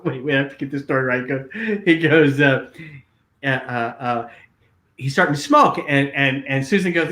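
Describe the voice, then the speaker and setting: An older male guest tells stories animatedly and casually, with lots of fillers and restarts. His voice is medium-pitched and a bit bright, at a normal speed, recorded with a roomy echo.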